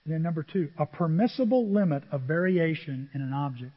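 A high-pitched middle-aged man preaching from the pulpit, mixing jokes and personal stories with lively asides to his congregation. The sound is muffled and dull, with a long reverb trailing off the walls of a church sanctuary. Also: brisk. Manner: humorous storytelling, animated asides to the congregation. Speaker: pastor. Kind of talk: sermon.

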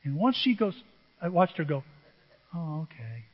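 An older man preaching a sermon as pastor, telling self-deprecating stories with dramatic swings from soft to loud. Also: sits high, animated, moderate pace, slightly rough. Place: church sanctuary. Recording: muffled audio with long hall reverb.

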